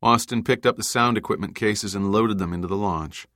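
Steady and measured, a lowish-voiced man narrates a scripted audiobook. The sound is clean studio audio with no room sound.

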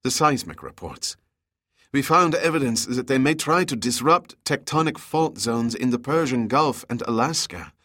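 A man reading an audiobook, voicing an earnest young woman scientist in a soft, slightly raised voice. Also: mid-range voice, lively intonation, moderate pace.

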